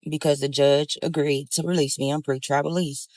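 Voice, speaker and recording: A woman's voice: low voice, flat delivery, fairly quick, darkish tone, no room sound. A young woman recounting her own story time, talking animatedly and addressing listeners as y'all.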